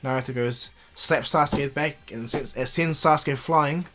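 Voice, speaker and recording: A man's voice: mid-range voice, unhurried, over music. A man casually improvising a fan story, rambling with fillers and restarts.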